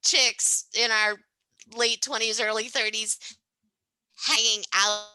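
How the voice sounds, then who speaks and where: A woman's voice: a little high, steady tone, takes it slowly, bright, forceful tone, clean tone, dry recording, poor audio. A woman speaking as a podcast guest, telling stories casually and animatedly, often tagging sentences with "right?" and laughing. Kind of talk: casual conversational storytelling.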